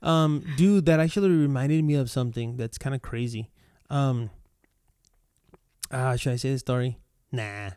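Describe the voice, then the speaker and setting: A man's voice: medium pitch, moderate pace, darkish tone, clean tone, no echo, clean studio sound. A man co-hosting a casual podcast, rambling with many fillers and frequent laughs. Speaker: podcast co-host. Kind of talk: casual chat.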